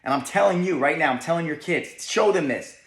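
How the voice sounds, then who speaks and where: A man's voice: a little high, expressive, a little fast, a bit bright. A young man with a New Jersey accent giving an emphatic motivational talk, often checking in with "right?". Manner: emphatic, keeps asking "right?". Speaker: motivational speaker. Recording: echoey room.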